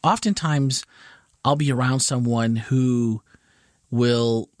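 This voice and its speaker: A man's voice: medium pitch, fairly even intonation, slow, darkish tone, dry recording, clean studio sound. A man hosting a casual church podcast, musing aloud in a thoughtful, rambling way with frequent restarts. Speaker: podcast host.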